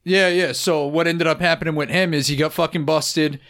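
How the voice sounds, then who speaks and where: A man's voice: on the high side, fairly even intonation, fairly quick, fairly bright tone. New England man, podcast co-host, rambles and swears through casual stories. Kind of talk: casual crude chat.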